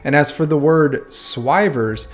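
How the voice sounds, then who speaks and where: A man's voice: fairly high pitch, takes it slowly, soft background music. Man narrating a tabletop game review. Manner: reads rulebook passages aloud, tries out Cockney sounds.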